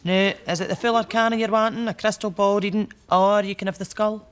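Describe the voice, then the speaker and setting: A woman's voice: mid-range voice, fairly even intonation, brisk, lightly acted. A performer with a Scottish accent playing a vague, theatrical older woman fortune teller. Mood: mysterious. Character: dotty old female fortune teller.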